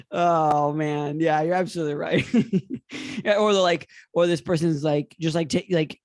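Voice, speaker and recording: A man's voice: a little high, steady tone, a little slow, no echo, clean studio sound. A young man co-hosting a comedy podcast, rambling and laughing often as he riffs. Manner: rambling, laughs often, drops into silly put-on voices. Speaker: podcast co-host. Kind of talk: casual comedic banter.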